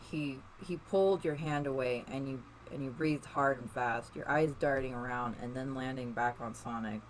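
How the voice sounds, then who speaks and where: Soft reader going through a fan story, trips on words sometimes, faint noise behind. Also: mid-range voice, normal speed, hardly any pauses, rough recording. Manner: soft, with small slips and restarts. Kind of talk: reading a second-person fan story aloud.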